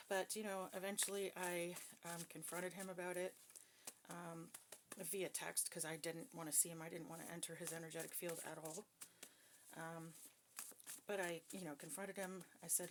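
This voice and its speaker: A woman's voice: lowish voice, fairly even intonation, normal speed, a bit bright, slight background noise. A woman who is a psychic reader, talking casually and bluntly to her viewers, with plenty of swearing and emphasis. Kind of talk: casual personal talk to viewers.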